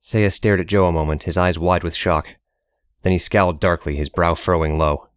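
A man reads a story aloud as an audiobook narrator, steady and measured. His voice sits very low, and the sound is dry and close with no room around it. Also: clear, resonant tone, dry recording.

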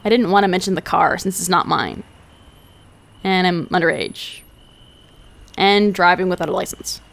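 A woman's voice: fairly low pitch, moderate pace, creaky. A foul-mouthed delinquent teen girl. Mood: sheepish. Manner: profane, blunt, defensive.

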